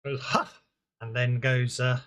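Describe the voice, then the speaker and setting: Chatty game master, medium pitch. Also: animated, a little slow. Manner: chatty, with fillers, muttering while fixing the software. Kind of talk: running an online tabletop game.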